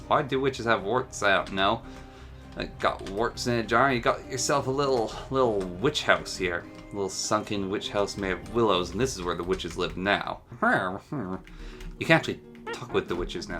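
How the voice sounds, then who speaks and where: A man with a lowish voice and a bright, forceful tone talks through a game mod showcase. His commentary is casual and eager, and he muses aloud as he points things out. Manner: chatty and enthusiastic, muses aloud.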